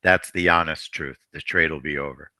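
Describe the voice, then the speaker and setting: Male trading host, very low bright voice, unhurried, repeats himself, dry sound. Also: fairly even intonation, dry recording. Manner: rambling, repeats phrases, frequent throat clearing. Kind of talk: live trading commentary.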